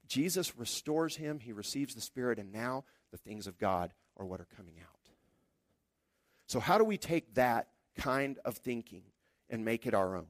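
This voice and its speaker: A man preaching a sermon in a conversational, lively way, acting out the quotes. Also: medium pitch, moderate pace, no echo, studio quality. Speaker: pastor.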